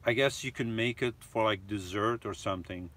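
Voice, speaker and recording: A man's voice: on the low side, normal speed, a bit bright. A man hosting a live stream from a camper van, reading viewer comments aloud and chatting about them in a loose, rambling way.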